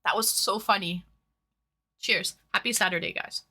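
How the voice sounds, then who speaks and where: Bright-voiced woman chatting on a livestream. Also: mid-range voice, steady tone, normal speed. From Toronto, Canada. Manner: greets chat viewers by name, bubbly and chatty. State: runny nose from hot sauce. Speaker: livestream host. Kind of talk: casual livestream chat.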